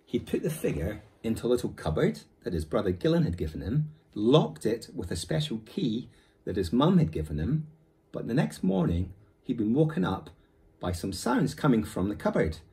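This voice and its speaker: A male primary school teacher reading a children's novel aloud in a lively, expressive way. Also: mid-range voice.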